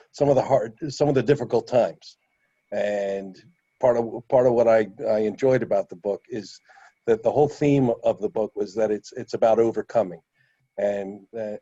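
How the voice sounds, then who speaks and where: A man, a guest on a book discussion, giving a thoughtful, halting reflection that stumbles over its words. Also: on the low side, warm tone, dry recording, lo-fi sound. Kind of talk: casual spoken reflection.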